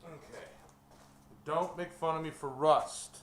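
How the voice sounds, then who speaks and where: Slow, unhurried male streamer, slightly high voice, jokey, faint workshop noise. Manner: laughs often, jokes with chat. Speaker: livestream host. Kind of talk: casual live-stream chat. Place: forge workshop.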